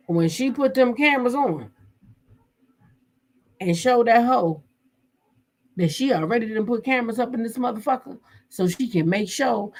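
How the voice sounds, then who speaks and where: Husky woman in a loose, salty chat. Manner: animated, acts out quotes with jumps in pitch, swears freely. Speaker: vlogger. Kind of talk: casual storytelling chat.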